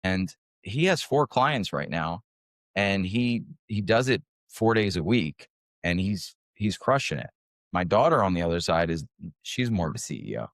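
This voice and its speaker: Man in his 40s, low voice, dry close sound, chatty interview guest, filler-heavy. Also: moderate pace, dry recording. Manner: conversational, animated anecdotes, many fillers. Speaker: podcast guest. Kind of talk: casual interview talk.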